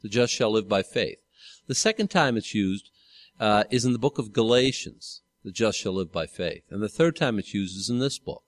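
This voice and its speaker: A man's voice: lowish voice, expressive, moderate pace, dry recording, studio quality. A man pastor teaching a Bible study sermon in a conversational way, often correcting himself and asking the congregation questions.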